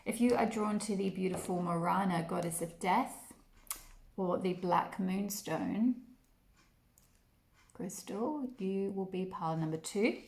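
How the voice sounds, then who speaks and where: A woman giving a pick-a-card tarot reading, talking gently and rambling with many fillers and addressing the viewer fondly. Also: fairly low pitch, moderate pace, creaky, roomy sound. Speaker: tarot reader.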